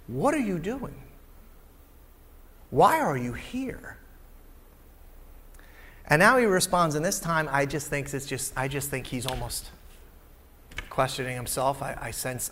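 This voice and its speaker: A man preaching a sermon as a pastor, swinging dramatically between loud and hushed delivery. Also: a little high. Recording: long hall reverb.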